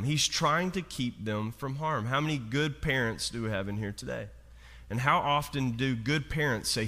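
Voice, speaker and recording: Guy pastor preaching, kinda high voice, lots of "right?" questions, big echoey church sound. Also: a little slow, pushed and bright. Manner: conversational preaching with rhetorical questions; acts out quoted voices. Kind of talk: sermon. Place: church sanctuary. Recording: long hall reverb.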